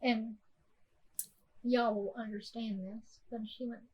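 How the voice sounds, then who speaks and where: A woman, hosting a podcast and telling a personal story softly, with many fillers and restarts. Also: fairly high pitch, fairly even intonation, slow, husky, lo-fi sound. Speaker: podcast host.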